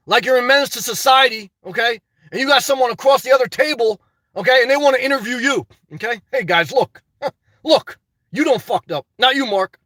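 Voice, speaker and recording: A man's voice: very high-pitched, sharp tone, no echo, distant mic. A man hosting a livestream, reading the live chat in a chatty way and often tagging on "okay". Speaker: livestream host. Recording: dry sound, voice away from mic.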